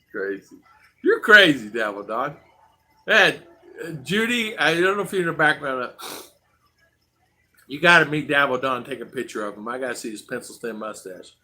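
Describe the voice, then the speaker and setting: A man's voice: mid-range voice, expressive, moderate pace, pauses often, pushed and bright. A middle-aged American man hosting a casual livestream, reading chat and telling stories with laughs and acted-out quotes. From United States. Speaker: vlog host reading live chat.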